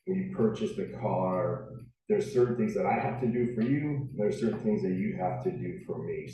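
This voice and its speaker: Upbeat agent in an echoey room. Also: male voice, dark tone. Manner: upbeat, reassuring sales pitch. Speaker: real estate agent. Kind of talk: sales role-play. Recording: roomy distant clip, faint noise.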